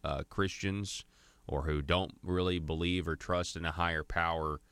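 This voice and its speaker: Low, crisp-voiced radio host. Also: male voice, steady tone, fairly bright tone, no room sound. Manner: halting, with many fillers and restarts. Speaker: radio talk show host. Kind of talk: casual radio chat.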